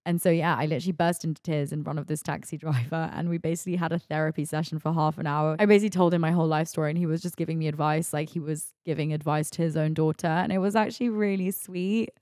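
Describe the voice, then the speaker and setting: A woman's voice: low-pitched, fairly even intonation, fast, few pauses, darkish tone, dry recording, clean studio sound. A woman, hosting a podcast in a candid, chatty monologue full of "like" and "you know". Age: 20s. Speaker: podcast host.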